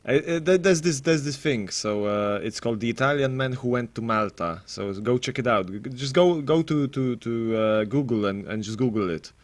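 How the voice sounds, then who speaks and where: A man's voice: medium pitch, moderate pace, few pauses. A man casting an esports match on his live stream, rambling and self-deprecating with frequent restarts. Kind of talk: casual live stream commentary.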